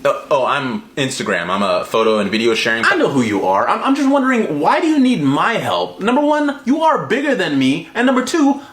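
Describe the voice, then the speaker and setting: A man's voice: on the high side, very animated, a little fast, hardly any pauses, fairly bright tone, reverberant. A man acting out a comedy sketch, switching between a pleading character and a smug, taunting one.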